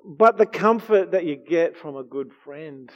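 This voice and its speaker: A man preaching a heartfelt, earnest sermon. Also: a little high. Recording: dull lo-fi recording.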